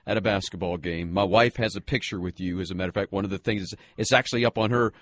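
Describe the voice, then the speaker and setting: A man hosting a radio interview who speaks earnestly and haltingly, restarting his sentences often. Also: low-pitched, a bit bright, slight background noise. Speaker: radio host.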